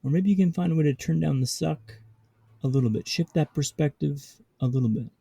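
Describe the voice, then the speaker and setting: A man with a gravelly, deep, dark voice and a husky edge tells a story as a podcast guest. He builds his story through rhythmic repetition and dry humor, in a close, dry recording. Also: fairly quick, no echo.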